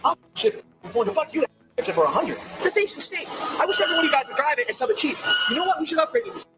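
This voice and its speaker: A man's voice: very high-pitched, very animated, quick pace, over loud music, poor audio. A man talking nonstop in the back of a police car, profane and jumping from topic to topic. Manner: talkative, profane, jumps between topics, acts out quoted voices. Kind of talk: nonstop rambling chatter.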